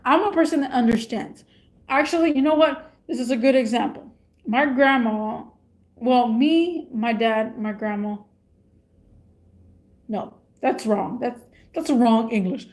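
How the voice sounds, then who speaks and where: A woman's voice: on the high side, measured pace, darkish tone. A woman vlogger rambling in a casual rant, repeating her questions.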